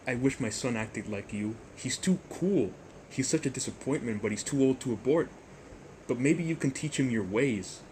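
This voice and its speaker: A man's voice: medium pitch, lively intonation, normal speed, darkish tone, a little hiss or hum, close to an everyday voice, low-quality recording. A young man playing a rude grown man in his own everyday voice, blunt and offhand with his insults. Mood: scornful.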